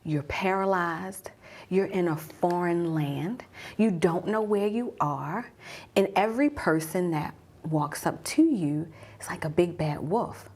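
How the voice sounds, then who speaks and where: A woman around forty, a mom coach, telling a personal story as a guided journey, dropping to a hush at tense moments. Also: fairly low pitch, animated, a little slow, breathy edge.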